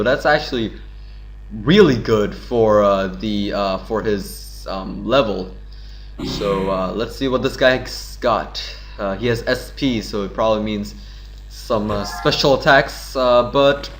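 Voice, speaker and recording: A man's voice: medium pitch, a little slow, fairly bright tone. A man giving casual, rambling commentary on a game he plays and reading its dialogue aloud playfully. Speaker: let's play host.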